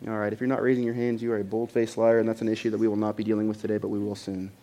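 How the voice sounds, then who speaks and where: A man preaching a sermon to a congregation, conversational, with loud emphatic bursts and frequent repeated words. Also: fairly low pitch, level tone, rapid-fire. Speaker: pastor.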